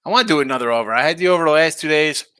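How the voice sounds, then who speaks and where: A man hosting a sports betting show, chatting casually and reacting to viewer comments in a lively, tired-but-animated way. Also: fairly high pitch, racing, smooth, no room sound, studio quality. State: tired, yawning. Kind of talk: casual betting talk reading chat.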